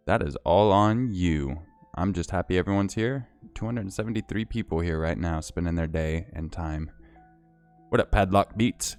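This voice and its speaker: A man hosting a livestream, chatting casually and reading out viewer comments and thanks in a relaxed, chatty way. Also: low-pitched, measured pace, clear, resonant tone, soft background music. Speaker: livestream host.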